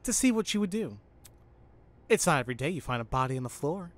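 A man voicing a calm, cryptic teenage schoolgirl in a matter-of-fact, deadpan way while reading game dialogue aloud. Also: on the high side, fast.

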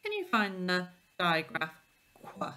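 A woman teacher giving a phonics lesson to young children, sounding out letters slowly and clearly. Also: fairly low pitch, wildly swooping pitch, bright, forceful tone, slight background noise.

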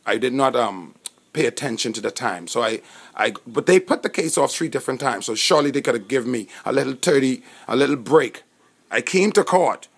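A man's voice: medium pitch, animated, brisk, gravelly, slightly rough. A man with a Bahamian accent giving an impassioned, rambling monologue, full of indignation and frequent restarts. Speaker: self-recorded speaker.

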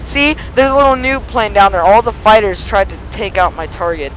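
Excitable teen guy over loud game noise. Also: sits high, fairly quick. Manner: excitable, yelps and pleads at the game. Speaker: gaming YouTuber. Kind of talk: let's play commentary. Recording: noisy game audio behind voice. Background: engine and gunfire game sounds.

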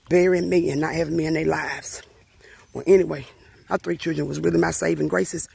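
Grieving middle-aged woman with a deeply gravelly voice. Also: a little mellow. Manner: emotional, repetitive, earnest. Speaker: grieving mother vlogger. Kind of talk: heartfelt personal video message.

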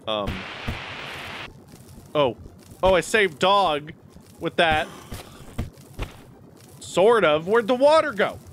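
A man giving excitable let's play commentary, reacting loudly to a game as he plays. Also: high-pitched, very slow, pauses often, slight background noise. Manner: excitable, yelps and shouts at the game. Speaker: gaming YouTuber.

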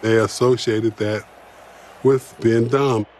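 A man's voice: mid-range voice, fairly even intonation, slow, a little mellow. A man speaking in a documentary interview in a sympathetic, reflective way. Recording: music bed underneath.

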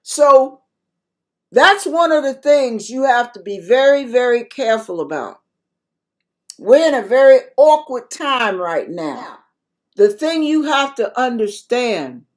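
A woman's voice: a little high, expressive, takes it slowly. An older woman giving a spoken devotional sermon to her viewers, emphatic and repetitive as she exhorts them. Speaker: christian video preacher.

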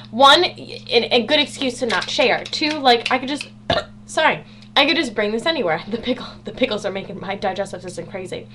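A bubbly teenage girl vlogging from her room, her voice sitting a little high as she jokes about herself with a dry, sarcastic edge. A faint hum runs under the webcam audio. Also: fairly bright tone. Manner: bubbly, sarcastic, self-mocking. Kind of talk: casual chatty vlog. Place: home bedroom.

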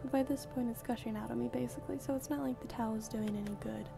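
A wife in a video game recounts her dream at length in a steady storytelling manner, read out by a woman. The voice sits slightly high. Game music plays behind her. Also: quick pace, creaky. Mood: telling. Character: woman telling her husband a strange dream. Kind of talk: reading game dialogue aloud.

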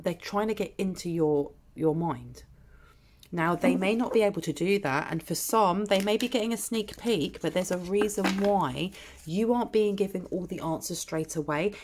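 Female tarot reader, lowish gravelly voice, blunt and chatty, cheeky. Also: a little mellow, slight background noise. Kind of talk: collective tarot reading.

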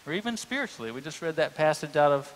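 A man's voice: on the high side, big pitch swings, fast, a little hiss or hum. A male pastor, preaching a sermon in a humorous, conversational storytelling way. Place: church sanctuary. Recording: long church reverb.

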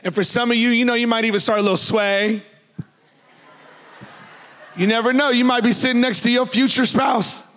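A man preaches in a loud, animated voice that sits high for a man. He jokes freely with his congregation. The voice rings with the long reverb of a church hall. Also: moderate pace, long pauses. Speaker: pastor. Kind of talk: sermon.

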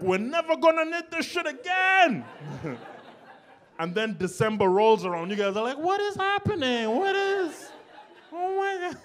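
A man in a stand-up set, not from Canada, ranting in mock exasperation and shouting out put-on voices. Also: a little high. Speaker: stand-up comic. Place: small gallery before a live audience.

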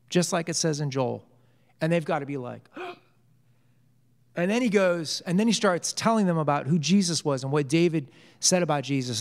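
A man's voice: fairly high pitch, big-room sound. A man teaching a casual church Bible study, joking with the group and asking it questions. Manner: joking, conversational, quizzes the group. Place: church hall.

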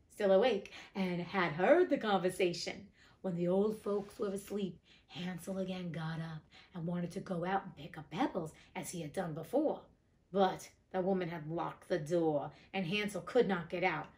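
A woman reading a fairy tale aloud and breaking off for blunt, profane, indignant commentary, her pitch swinging widely. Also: unhurried, darkish tone. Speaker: audiobook reader and host.

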